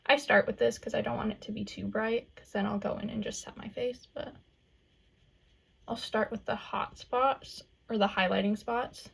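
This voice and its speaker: With a medium-pitched, steady, husky voice, vocal fry, and normal speed, a young woman walks through a makeup tutorial in a Southern US accent. She chats away casually, peppering everything with valley-girl "like" and "um."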